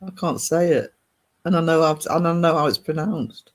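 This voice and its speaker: A man's voice: on the high side, a little fast. A man, hosting a casual art livestream and chatting rambly with viewers.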